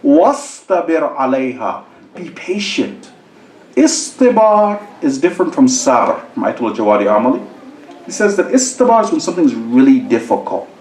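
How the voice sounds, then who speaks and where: A man's voice: fairly high pitch, sing-song, normal speed, darkish tone. A man giving a sermon to a congregation, quoting verses and telling a funny story with acted-out voices. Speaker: sheikh giving a talk. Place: mosque hall with an audience. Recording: echoey hall.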